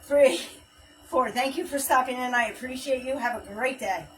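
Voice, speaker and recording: A woman's voice: high voice, normal speed, a bit bright, distant mic, soft background music, rough recording. A woman hosting a live home workout stream, counting reps aloud and chatting casually while she exercises, a little out of breath. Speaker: fitness livestream host. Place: home workout space, livestream.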